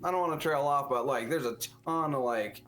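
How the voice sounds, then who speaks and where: A man's voice: mid-range voice, fairly quick, a bit bright. A man from Idaho, a guest in a casual chat, joking and trailing off.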